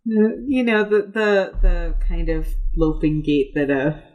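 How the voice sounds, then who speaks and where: A woman narrating as game master of a tabletop role-playing podcast, laughing often and pausing on fillers. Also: lowish voice, darkish tone, lo-fi sound. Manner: giggly, halting with fillers.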